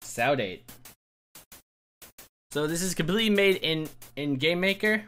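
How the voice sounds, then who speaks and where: A man's voice: high voice, fairly quick, pushed and bright, soft background music. A man hosting a casual let's-play, chatting and reacting as he plays. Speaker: gaming channel host.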